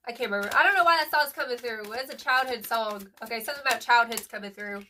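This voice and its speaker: Young female tarot reader, high and bright, slangy and emphatic, mic set a bit far off. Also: fast, few pauses. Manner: chatty, emphatic, lots of "like" and "period"; slangy, affectionate, calls the viewer "boo-boo". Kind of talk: casual tarot reading to camera.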